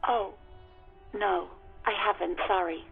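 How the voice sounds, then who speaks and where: A woman's voice: medium pitch, steady tone, takes it slowly, gravelly. A woman voicing a young woman answering over a radio line in a game, polite and a little weary. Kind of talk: voiced game dialogue. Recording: tinny radio line with music.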